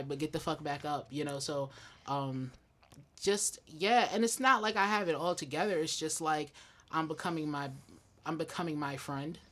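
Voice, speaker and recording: A man's voice: on the high side, fairly bright tone. A young man from Staten Island, New York, a musician being interviewed in a radio studio, talking candidly and reflectively, swearing freely. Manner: candid, reflective, swears freely, slips into quoted inner voices. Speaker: independent musician guest. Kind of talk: casual conversational interview.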